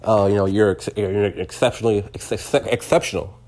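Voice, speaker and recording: A laid-back police chief, put on by a man retelling a story talks through a cadet's file in an easygoing, chatty way. His voice sits fairly low. He sounds relaxed and friendly. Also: fairly quick, lightly acted. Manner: easygoing, conversational.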